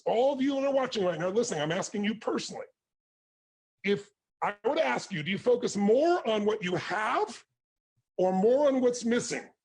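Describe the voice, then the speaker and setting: Casting note: a forceful motivational speaker, a man whose voice runs raspy and higher than most. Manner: forceful, passionate, emphatic. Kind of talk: intense motivational talk to an interviewer and audience.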